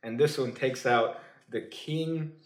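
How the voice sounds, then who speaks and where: A halting, joking male card magician. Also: medium pitch, reverberant. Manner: halting, full of fillers and restarts; dry, joking asides. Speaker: magician teaching a card trick. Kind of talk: casual comedic tutorial.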